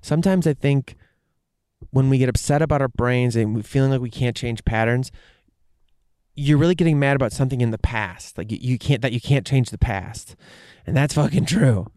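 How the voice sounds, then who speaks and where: A man's voice: medium pitch, moderate pace, a little mellow, dry recording, clean studio sound. A man talking candidly in a casual monologue, rambling with fillers and frequent swearing.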